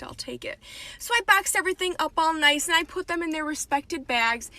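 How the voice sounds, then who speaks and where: A woman in a casual storytime about her job at a jewelry store, with a sly deadpan delivery. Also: sits high, no echo.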